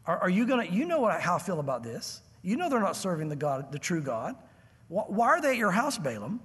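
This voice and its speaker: A man voicing God as a stern male figure who quietly questions a prophet in a grave, reproachful way. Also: high-pitched, very animated, a little fast, husky, in a large hall, exaggerated voice.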